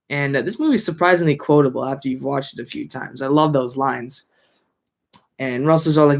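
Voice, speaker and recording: A man's voice: mid-range voice, a little fast, vocal fry. A man reviewing a film in casual chat, rambling with lots of fillers and restarts.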